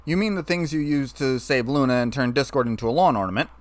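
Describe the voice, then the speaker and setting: Brief: young man, dry and sarcastic, flat tone, as the reader plays him, mid pitch, close dry sound. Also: fast talker, no room sound, close to an everyday voice. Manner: wry, flat, turning bitter.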